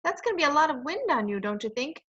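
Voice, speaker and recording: A gentle, patient mother, read by a woman in a storybook, with a bright, fairly high voice that stays calm and soothing. The recording is dull and lo-fi. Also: fast talker.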